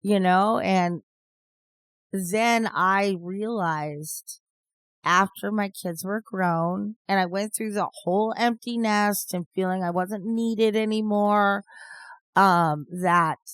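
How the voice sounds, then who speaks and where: A woman in her fifties co-hosts a podcast, talking at an unhurried pace with a mid-range voice. She wanders from story to story, laughing easily. The sound is close and dry. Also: medium pitch, fairly bright tone, dry recording. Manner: rambling, storytelling, laughs often. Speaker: podcast co-host. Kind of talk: casual chat.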